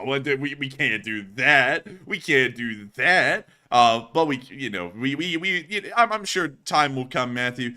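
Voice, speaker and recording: A man hosting a casual live stream, joking around and breaking into loud shouts and laughter. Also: mid-range voice, animated, measured pace, few pauses. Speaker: show host.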